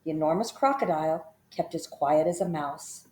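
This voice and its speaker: A woman with a lowish voice reads a children's story aloud in an expressive, measured way. Her voice echoes around a roomy space. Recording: roomy echo.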